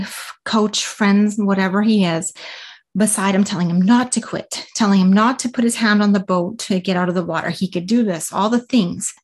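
A woman's voice: mid-range voice, a little mellow. A woman telling a story in a loose, chatty way. She often stops to restart a thought and fills the gaps with small fillers. She also breaks off to give listeners direct, practical advice. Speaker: triathlete recounting a race. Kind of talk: casual spoken storytelling.

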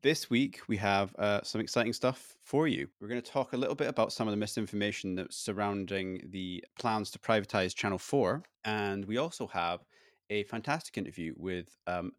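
A man with a fairly low voice hosts a podcast in casual chat, trading dry jokes with his co-host. The sound is close and dry, with no room around it. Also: normal speed, dry recording. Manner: dry, joking banter.

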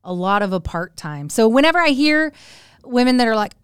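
Animated storytelling woman, smooth voice. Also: brisk, no room sound, studio quality. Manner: animated, acts out quoted voices with big pitch jumps. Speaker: podcast guest. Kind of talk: casual storytelling.

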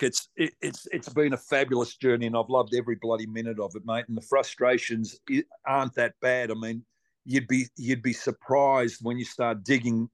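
In a dry recording, a mid-range male voice belongs to an Australian race car driver being interviewed. He spins loose, conversational stories, with mild profanity and plenty of false starts, in a casual storytelling format.

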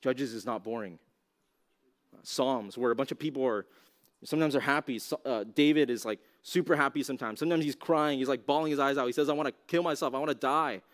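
A man's voice: medium pitch, fairly quick. A man teaching a youth ministry talk in a casual, conversational way, full of "like" and rhetorical questions to his listeners. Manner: casual, conversational, heavy use of "like"; asks the audience rhetorical questions. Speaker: youth pastor.

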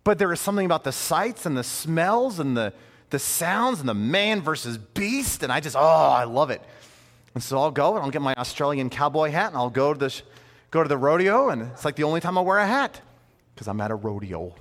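A man in his thirties preaching a sermon in a conversational, animated way, with playful asides. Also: a little high, fairly quick, big-room sound. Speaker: pastor.

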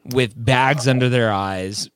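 A man's voice: mid-range voice, slow, fairly bright tone, clear, resonant tone, no echo, studio quality. Emphatic man firing rhetorical questions. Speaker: podcast host and admissions advisor. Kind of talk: casual advice talk.

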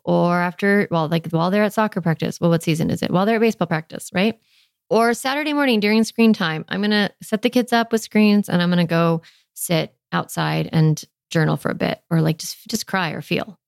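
A woman's voice: on the low side, creaky, dry recording, studio quality. A woman hosting a parenting podcast, talking in a chatty, conversational way and using a lot of filler words. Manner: warm, chatty, lots of "like" fillers. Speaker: parenting podcast host and coach. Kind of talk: podcast monologue.

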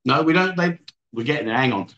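A man's voice: medium pitch, animated, quick pace, pushed and bright, lo-fi sound. A man hosting a casual livestream, reading out viewer comments and teasing his guests. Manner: joking, teasing, chatty. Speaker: livestream host. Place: bar or venue indoors.

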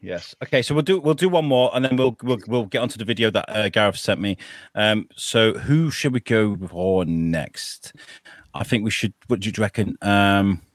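A man's voice: fairly low pitch, moderate pace. A man, hosting and setting up improv games in chatty, stop-start talk. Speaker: podcast host. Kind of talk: casual chat, running improv games.

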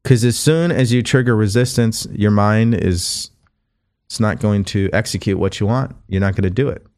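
A man's voice: fairly low pitch, moderate pace, darkish tone. A man hosting a podcast, giving a conversational motivational talk as a coach, earnest and repeating phrases as he goes. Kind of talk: motivational monologue.

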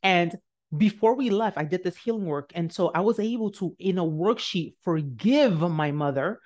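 A woman's voice: lowish voice, lively intonation, normal speed, a little mellow. A woman podcast host telling an emotional personal story in an earnest, repetitive way.

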